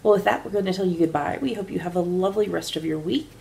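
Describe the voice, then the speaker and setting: A woman co-hosting a podcast in casual chat, relaxed and chatty, filling her pauses with "um". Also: fairly low pitch, gravelly, slight background noise. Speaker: podcast co-host.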